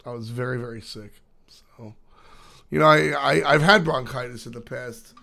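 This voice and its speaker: A young man with a hoarse, still-recovering voice, rambling casually to his stream chat, with lots of fillers. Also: medium pitch, moderate pace, sharp tone. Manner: rambling, filler-heavy storytelling. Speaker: esports caster streaming to chat.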